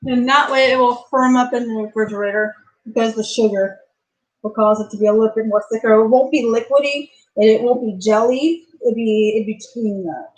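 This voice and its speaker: Chatty high-voiced woman cooking at home. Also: a little fast, poor audio. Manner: chatty, talks to herself while cooking, sings and playfully whines. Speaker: cooking channel host. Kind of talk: live cooking stream chat. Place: home kitchen.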